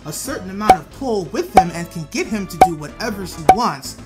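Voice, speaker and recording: A YouTube host reading out a list of anime facts from a script and calling out each fact number loudly. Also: mid-range voice, animated, a little fast, over loud music.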